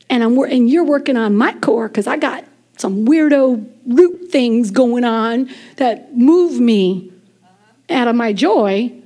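A high-pitched woman preaching to a congregation in a lively, conversational way. She is in her forties and breaks into quick asides and laughs as she talks. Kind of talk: lively sermon.

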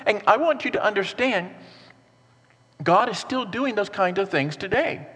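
A man's voice: high voice, normal speed, slightly rough. Preaching man in a reverberant hall. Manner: earnest, animated preaching with rhetorical questions. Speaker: pastor. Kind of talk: sermon.

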